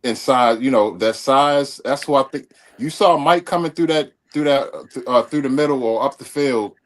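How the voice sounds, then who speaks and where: A man co-hosting a casual sports talk show, talking with frequent restarts and swearing. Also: medium pitch. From Baltimore area. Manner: profane, halting, many restarts. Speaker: podcast co-host.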